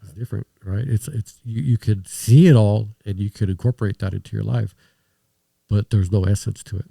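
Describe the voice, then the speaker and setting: A man's voice: lowish voice, steady tone, brisk, creaky, dark tone, no echo, clean studio sound. A man talking as a podcast guest in casual conversation, reflective and rambling with restarts.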